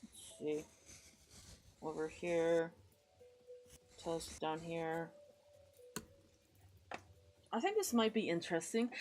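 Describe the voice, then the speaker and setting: An American woman draws on a live stream while chatting casually, rambling, putting herself down, muttering to herself and warmly greeting her chat. Her low voice is expressive and slow, with long pauses and slight background noise.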